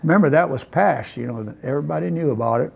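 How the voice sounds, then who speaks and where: Gravelly man teaching a language class. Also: on the high side. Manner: relaxed, repeats words slowly for students, chuckles.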